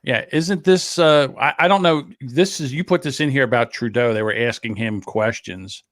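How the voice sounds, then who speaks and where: A man's voice: medium pitch, moderate pace, fairly bright tone, no echo. Man, mid-range voice, podcast co-host, sarcastic wisecracks, dry close mic. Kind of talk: casual chat.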